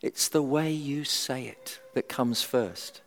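A middle-aged man preaching a sermon in a humorous, animated way, acting out everyday voices. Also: mid-range voice, slow. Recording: long hall reverb.

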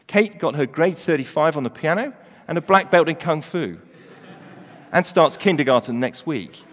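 A middle-aged man preaching a sermon, animated, swinging from loud emphasis to hushed, quiet readings. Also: fairly high pitch, moderate pace. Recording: reverberant hall.

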